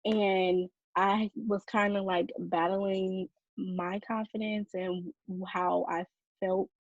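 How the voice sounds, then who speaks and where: A young woman with a Southern American accent, a podcast guest answering in a slow, thoughtful and earnest way. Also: mid-range voice, level tone, no room sound, muffled recording. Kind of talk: interview answers.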